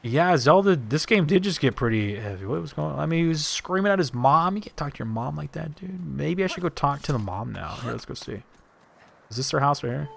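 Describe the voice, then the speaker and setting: A man's voice: a little high, animated, a little fast, gravelly, slight background noise. A man streaming live gameplay, joking, swearing and rambling in asides.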